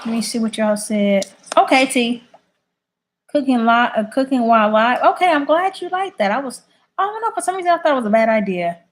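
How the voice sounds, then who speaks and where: A woman's voice: fairly high pitch, animated, a little fast. A woman chatting casually on a livestream, reading viewer comments and answering them bluntly. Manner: blunt, opinionated. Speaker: YouTube live streamer.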